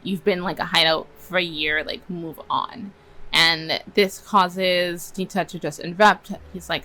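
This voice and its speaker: A woman's voice: fairly low pitch, steady tone, measured pace, sharp tone, rough recording. A young woman casually retelling and reworking story scenes, chatty and laughing often as she acts out bits of dialogue. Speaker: story reviewer.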